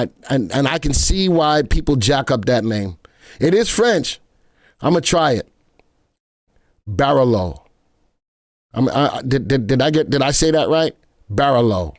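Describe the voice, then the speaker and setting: A man's voice: medium pitch, dry recording, clean studio sound. A man hosting a live stream, chatting with viewers in a playful way and often stammering and repeating himself. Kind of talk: casual live market chat.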